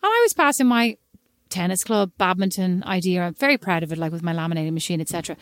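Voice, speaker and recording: A young woman with an Irish accent, co-hosting a casual chat and telling an animated, self-mocking story, acting out voices as she goes. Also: on the low side, fast talker, dry recording, studio quality. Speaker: podcast co-host.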